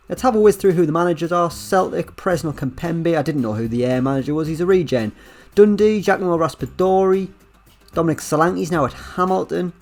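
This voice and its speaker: A man giving casual, chatty commentary over a management game, with wry asides and lively swings in delivery. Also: a little high. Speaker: gaming YouTuber.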